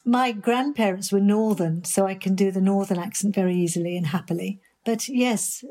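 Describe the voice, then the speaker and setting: A woman's voice: medium pitch, moderate pace, mellow. An older woman from Birmingham, an actress being interviewed, answering in a chatty, enthusiastic way. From Birmingham, England. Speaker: actress guest.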